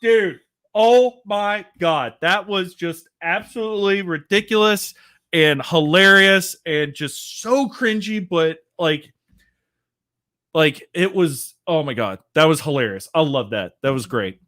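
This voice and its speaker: A man's voice: a little high, unhurried, bright, forceful tone. A man hosting his own show, ranting casually with lots of swearing and constant fillers. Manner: profane, rambling, filler-heavy. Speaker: podcast host. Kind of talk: casual rant.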